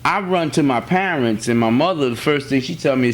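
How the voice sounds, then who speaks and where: A man's voice: a little high, expressive, moderate pace, few pauses. A man from the United States giving a spiritual teaching in an earnest, plainspoken way, repeating key phrases and telling personal stories. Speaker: religious teacher.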